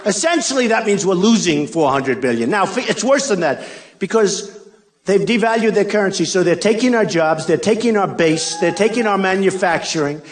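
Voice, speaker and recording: The older man heard here is a political candidate at a large-arena rally, speaking at a normal pace in a high, expressive voice. His remarks are boastful and repetitive, with mocking asides. Faint ambience and crowd noise from the big arena sit in the background.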